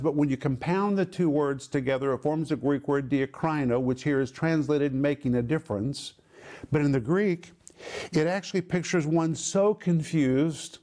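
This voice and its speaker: A man preaching a sermon and teaching the meanings of Greek words. He is emphatic, repeats words in lists and draws key phrases out slowly. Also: a little high, mellow. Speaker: Bible teacher.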